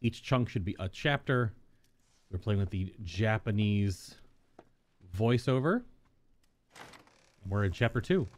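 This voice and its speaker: A man's voice: lowish voice, expressive, slow pace, long pauses. A man hosting a casual let's-play, talking enthusiastically and rambling as he plays. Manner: enthusiastic, rambling, laughs often. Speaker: gaming channel host.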